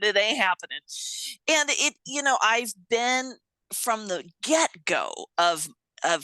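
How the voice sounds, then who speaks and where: Animated, bright-voiced woman guest, laughing often. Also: a little high, no room sound, rough recording. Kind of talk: casual interview chat.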